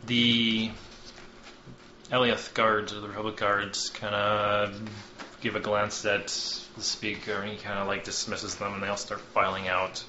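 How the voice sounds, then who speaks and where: A man with a fairly low but bright, forceful voice narrates as game master, loose and self-mocking, with casual swearing. The recording is dull and lo-fi with a noticeable room echo. Faint hiss sits behind it. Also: completely flat delivery, a little slow. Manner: loose, joking, swears and laughs at himself.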